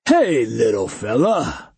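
A man voicing a jolly, enormous male cyborg bully in an audiobook, booming and mocking. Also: huge pitch swings, takes it slowly, creaky, a little mellow, breathy edge, no echo, heavily acted. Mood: jovial mocking.

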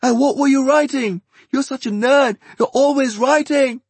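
A man's voice: extremely high pitch, moderate pace, a little mellow, husky, dry recording, pitched above the performer's own voice, exaggerated voice. A man doing a cocky teasing teenage boy.

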